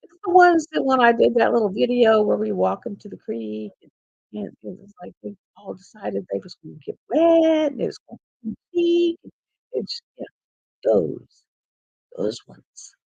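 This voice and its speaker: A woman's voice: on the high side, big pitch swings, normal speed, creaky, warm tone, breathy edge, no echo, dull audio. An older woman, hosting a casual craft live stream from home on a laptop, chatting in a rambling way and laughing often. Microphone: laptop mic.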